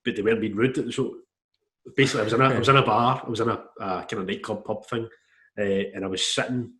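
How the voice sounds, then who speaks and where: Fast-talking man telling stories. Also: fairly low pitch. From Scotland. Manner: storytelling, swearing freely, animated. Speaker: podcast host. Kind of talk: casual podcast chat.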